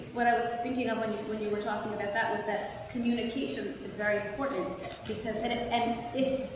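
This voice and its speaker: A woman giving a community talk about easing into retirement, explaining earnestly with stories and examples and sometimes restarting a phrase. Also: fairly high pitch. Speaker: speaker on retirement transitions. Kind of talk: community talk with audience questions. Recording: echoey hall, distant mic, background noise.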